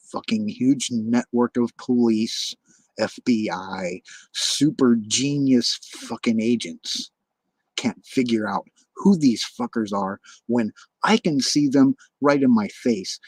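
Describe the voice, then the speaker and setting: A man rants to his livestream viewers in a slow, husky, somewhat low voice, swearing at nearly every turn. He stops short, repeats words and restarts as he lays out bitter accusations, and the sound is close and dry. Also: a little mellow, no room sound, low-quality recording. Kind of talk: ranting livestream monologue.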